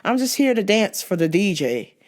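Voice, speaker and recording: A woman vlogger telling a comic personal story, animated and profane, acting out the people she quotes. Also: mid-range voice, normal speed.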